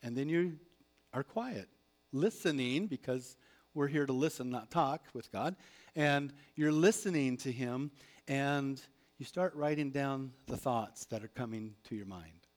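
A man preaching a sermon as a pastor, animated, acting out prayers and replies. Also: mid-range voice, unhurried.

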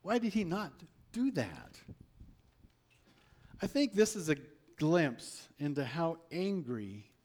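A man's voice: medium pitch, a little mellow. A man preaching a sermon, reading a Bible story aloud and asking his listeners rhetorical questions.

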